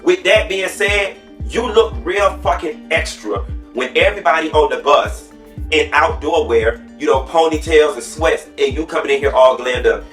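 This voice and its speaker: Man, sassy blunt commentary, slightly higher voice, distant mic, echoey room, profane. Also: moderate pace, a bit bright, soft background music. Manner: sassy, profane, matter-of-fact.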